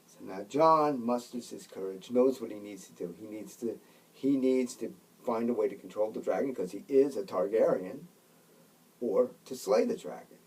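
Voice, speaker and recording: A man gives casual storytelling commentary, emphatic and constantly checking in with his listeners. His voice is mid-pitched and a little husky. The microphone sits some distance away. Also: expressive, moderate pace. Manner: emphatic, keeps checking in with "right?" and "okay?". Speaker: Catholic commentator.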